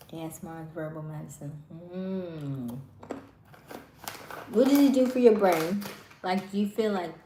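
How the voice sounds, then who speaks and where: A woman with a low voice chats casually with her live stream viewers, full of fillers. She speaks softly and lets her words trail off. The sound is roomy and echoey, with a faint hiss underneath. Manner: chatty, many fillers.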